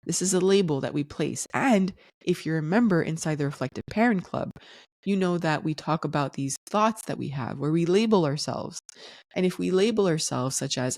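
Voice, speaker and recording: A woman hosting a solo podcast, explaining things in a calm, teaching tone. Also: low voice, moderate pace, no echo, clean studio sound. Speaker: podcast host.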